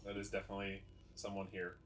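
A man's voice: low-pitched, completely flat delivery, a bit bright, a little hiss or hum. A man playing in a tabletop game, bantering and cracking jokes. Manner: jokey, quick-witted banter. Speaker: player. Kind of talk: casual tabletop play.

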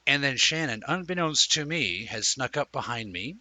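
A man hosting a live-streamed chat show, telling a rambling, animated story and talking with viewers. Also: mid-range voice, normal speed, no echo, rough recording. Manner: reads out and answers viewer comments. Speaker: livestream show host.

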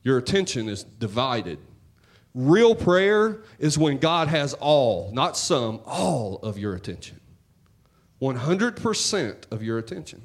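A man preaching a sermon in church, talking to the congregation in a conversational, joking way and swinging between loud and hushed. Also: medium pitch, very animated, slow. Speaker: pastor.

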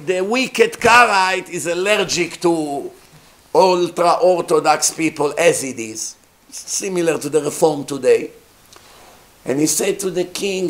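Man, animated sermon storyteller, slow, higher voice. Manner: animated storyteller acting out characters.

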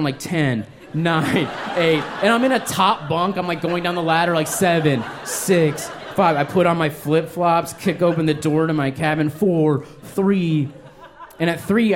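A man in his thirties doing stand-up on a live stage mic, his voice a touch higher than most men's. He tells a self-deprecating story and keeps jumping into squeaky acted-out quotes. A faint hum runs under him. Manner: animated, self-deprecating, jumps into high-pitched acted-out quotes. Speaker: stand-up comedian. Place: comedy stage before a live audience.

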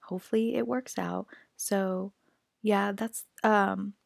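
A woman's voice: medium pitch, fairly even intonation, takes it slowly, creaky, no room sound, clean studio sound. A young woman co-hosting a podcast from home, chatty and rambling, still getting over being sick. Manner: chatty, rambling, self-aware. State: recovering from illness. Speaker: podcast co-host. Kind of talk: casual podcast chat. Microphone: home computer mic, remote recording.

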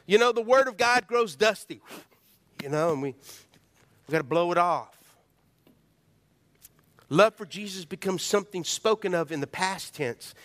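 A male pastor delivers a sermon in a fairly high voice. He preaches emphatically, calling out to the congregation for an answer and acting out prayers. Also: a bit bright.

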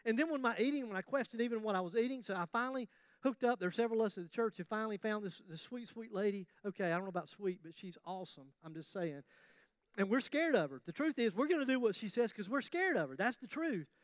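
A man preaching a sermon as pastor, animated and conversational, with jokes about himself. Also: sits high, fast, no room sound, studio quality.

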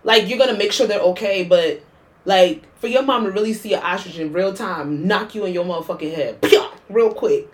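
Animated, profane woman chatting. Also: medium pitch, a little fast. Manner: animated, profane, laughs often. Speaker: podcast co-host. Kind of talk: casual chat.

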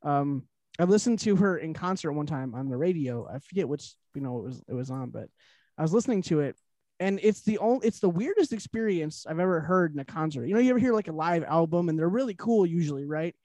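A man with a high-pitched voice hosts a loose podcast chat. He rambles along with frequent restarts and fillers. The sound is dry and close, with no room echo. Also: expressive, quick pace, warm tone. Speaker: podcast host.

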